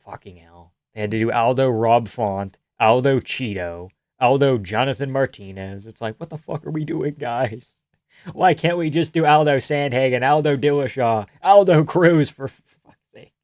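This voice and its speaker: A man's voice: mid-range voice, normal speed, darkish tone, no room sound, studio quality. A man casually commenting live on a fight night, swearing and laughing a lot. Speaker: live streamer. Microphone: headphones on, close mic.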